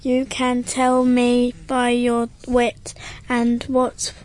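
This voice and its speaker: A woman playing a slow, stubborn, dim-witted male constable on stage. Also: fairly high pitch, monotone, a little mellow, poor audio. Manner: stubborn, plodding. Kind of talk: stage acting in verse.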